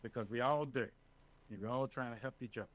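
A man being interviewed as a residents' advocate, talking in an animated, emphatic way and often checking in with the listener. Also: medium pitch, fast, rough recording. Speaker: senior residents' advocate, guest. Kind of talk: casual interview talk.

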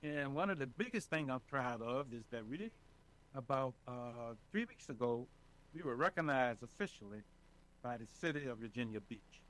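A man being interviewed as a residents' advocate, talking in an animated, emphatic way and often checking in with the listener. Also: mid-range voice, normal speed, a little hiss or hum, poor audio. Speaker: senior residents' advocate, guest. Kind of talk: casual interview talk.

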